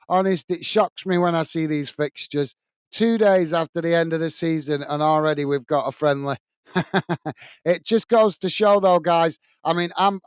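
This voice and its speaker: A friendly man hosts a live football watch-along, chatting casually and greeting viewers by name. His voice sits a little high and comes across smooth and resonant. The sound is dry and close, with no room echo. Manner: chatty, friendly, calls viewers mate and guys. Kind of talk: casual live commentary and chat.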